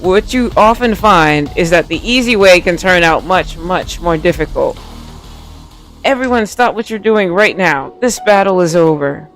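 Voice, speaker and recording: A man's voice: high voice, animated, a little slow, a bit bright, faint music behind. A man casually commenting on a game playthrough, reading the on-screen text aloud and cracking playful jokes. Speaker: game streamer.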